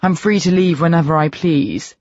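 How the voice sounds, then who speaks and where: Defiant teen boy, mocking and surly, as a narrator puts him on; husky, slow delivery on a dull recording. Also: mid-range voice, darkish tone, no room sound, natural voice. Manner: sneering and defiant. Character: surly, provocative teenage boy.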